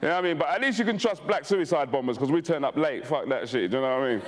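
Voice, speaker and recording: A man's voice: a little high, animated, very fast, long reverb tail. A man doing a crude stand-up set on a club stage, teasing the crowd into a handheld mic. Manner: brash, crude, teasing the audience. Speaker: stand-up comedian. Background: audience.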